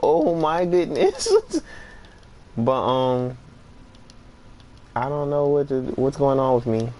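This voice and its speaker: A young man casually telling a funny work story while playing a game, animated and laughing, acting out the people he quotes. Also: mid-range voice, slow, slight background noise. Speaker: gaming streamer.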